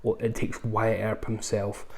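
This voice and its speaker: A man's voice: lowish voice, monotone, unhurried, gravelly. A man reviewing films in a casual, rambling way, full of ums and asides. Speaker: film reviewer. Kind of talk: casual film review chat.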